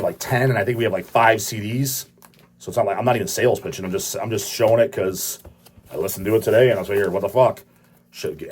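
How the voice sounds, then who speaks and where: A man's voice: mid-range voice, a little mellow, breathy edge. A man hosting his own channel, ranting casually in a rambling, profane way and laughing often. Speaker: channel host.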